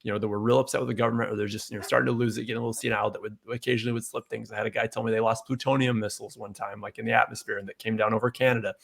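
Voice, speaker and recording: A man hosting a casual podcast chat, telling a rambling story and getting animated when he quotes people. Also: on the low side, rapid-fire, creaky, hardly any pauses. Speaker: podcast host.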